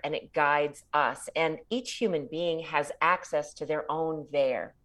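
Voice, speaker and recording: Woman, low voice, reflective spiritual talk, slow measured delivery with pauses. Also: a bit bright. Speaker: author and speaker.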